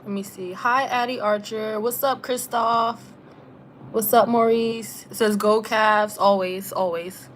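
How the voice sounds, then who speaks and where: A young woman talks in a loose, chatty way on a live stream. Her voice sits at an ordinary middle pitch and stays easygoing, with plenty of "like" and casual slang. A faint hiss of background noise runs under her voice. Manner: relaxed and chatty, heavy use of "like" with slang. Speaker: travel vlogger and former teacher.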